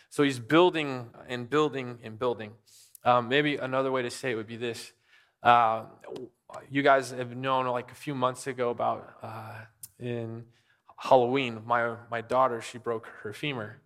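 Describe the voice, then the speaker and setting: A man's voice: medium pitch, a bit bright. A middle-aged man preaching a sermon as pastor, talking casually and asking the congregation questions. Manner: conversational, asks the congregation questions. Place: church sanctuary. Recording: long reverb of a church hall.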